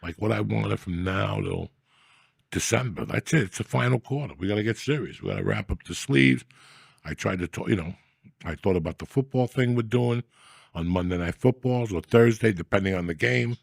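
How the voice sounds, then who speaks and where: A man's voice: lowish voice, moderate pace, vocal fry, husky, dry recording, studio quality. A man hosting a comedy podcast, telling profane, rambling stories in crude casual banter.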